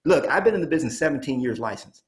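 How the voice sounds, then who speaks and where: A man in his fifties giving an energetic real estate coaching talk, punching points and checking in with "okay?". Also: fairly high pitch, racing. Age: 50s. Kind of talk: motivational training talk.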